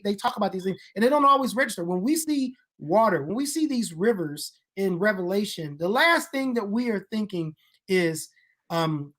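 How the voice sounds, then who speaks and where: Animated woman explaining scripture. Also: mid-range voice. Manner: animated explaining, building to emphatic peaks. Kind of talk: casual discussion of Bible history.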